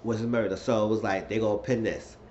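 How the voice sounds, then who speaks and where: Guy rambling excitedly thru a tv recap, lowish voice, faint hiss behind. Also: fairly quick. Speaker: TV episode reviewer. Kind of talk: casual recap monologue. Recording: slightly dull lo-fi recording, faint noise.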